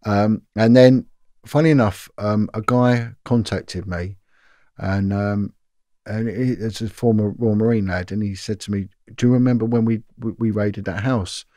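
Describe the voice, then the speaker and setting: With a lowish voice at a moderate pace, a middle-aged former detective shares long, animated tales as an interview guest, full of fillers, repetitions and restarts. Studio-clean audio, no room sound.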